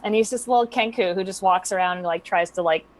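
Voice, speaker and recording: A woman's voice: medium pitch, fast talker. A young woman, a guest dungeon master, in casual chat, bubbly and giggly with lots of fillers.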